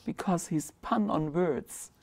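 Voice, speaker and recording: A woman with a German accent reflecting earnestly in an interview. Her voice sits low, with a gravelly edge and a warm, dark timbre. She picks her words with care. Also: slow pace. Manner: earnest, reflective, careful phrasing. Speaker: former school principal.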